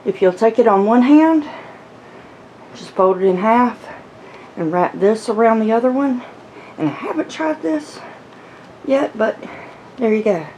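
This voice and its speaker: A woman's voice: a little high, animated, measured pace, long pauses, dark tone, lo-fi sound, a little hiss or hum. A woman hosting a casual crochet tutorial from her floor at home, a little out of breath, chatty and rambling, laughing at herself. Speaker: crochet channel host.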